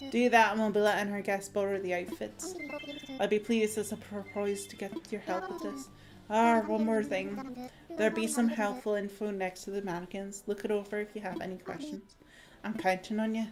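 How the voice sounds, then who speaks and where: A woman's voice: medium pitch, steady tone, moderate pace, over music, close to an everyday voice. A woman reading aloud the lines of a friendly female hotel manager in a game, with a light put-on Irish accent.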